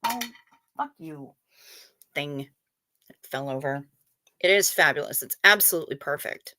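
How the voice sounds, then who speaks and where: Over some background noise, a woman with a low-pitched, expressive voice hosts a casual livestream at a measured pace. She chats playfully, reads viewers' messages aloud as they come in and swears casually.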